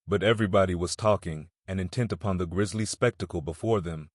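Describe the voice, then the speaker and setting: This male narrator, whose voice is low, reads a scripted audiobook passage with measured, even storytelling. It's studio quality, with no room sound.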